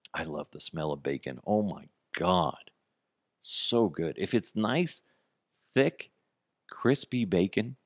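A man's voice: low voice, no echo, studio quality. A man hosting a podcast, in a casual comic monologue full of swearing and jokey asides. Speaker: podcast host.

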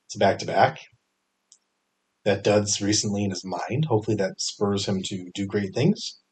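Chatty, energetic man with a lowish voice. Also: moderate pace, husky. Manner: energetic, chatty, with fillers and self-corrections. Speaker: fantasy sports podcast host. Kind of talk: casual solo podcast picks.

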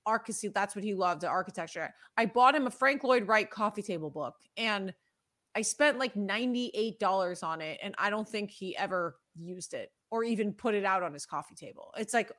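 A woman hosting a casual sports podcast, chatty and animated as she tells stories. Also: medium pitch, normal speed. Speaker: podcast host.

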